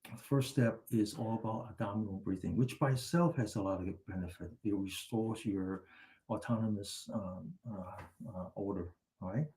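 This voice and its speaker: A man with a warm, mellow voice guides a meditation class in a gentle, instructing way. He stretches out his breathing and posture cues slowly. Between exercises he drifts into relaxed, chatty storytelling. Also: lowish voice. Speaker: meditation teacher.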